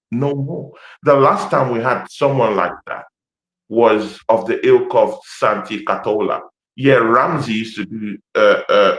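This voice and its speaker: A man's voice: on the low side, fairly bright tone. A man with an African accent talking passionately about football on a podcast, full of fillers and repeats. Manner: passionate, repetitive, hesitant with lots of fillers. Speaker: Arsenal fan pundit. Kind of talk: animated football podcast chat. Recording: roomy echo.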